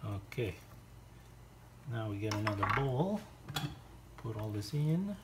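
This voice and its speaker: A man talks through a home cooking demonstration at an unhurried, drawn-out pace, chatting to himself and his dog between tasks. Loud chopping, clinking dishes and cutlery fill the kitchen behind him, close to the voice. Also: fairly low pitch, big pitch swings, heavy background noise. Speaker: home cook hosting a cooking video.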